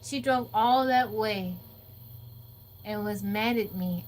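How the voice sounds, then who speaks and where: Woman, lively storyteller, fairly high voice, faint background noise. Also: unhurried. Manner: animated storyteller, acts out quotes, laughs often. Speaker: livestream host. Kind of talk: casual chat with live viewers. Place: off-grid home.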